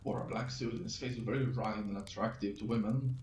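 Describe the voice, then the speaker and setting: A man with a fairly low voice reads his own fantasy story aloud, tripping over words and restarting lines. He sits a little back from the mic in an echoey room with a faint hiss behind him. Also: steady tone, a little mellow. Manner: halting, stumbling reading with restarts. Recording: roomy, distant mic with faint noise.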